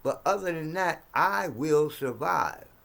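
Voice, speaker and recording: A man in his sixties ranting to camera in a profane, heated monologue, swinging between low mutters and sudden shouts. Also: lively intonation, slow, creaky. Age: 60s. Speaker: vlogger.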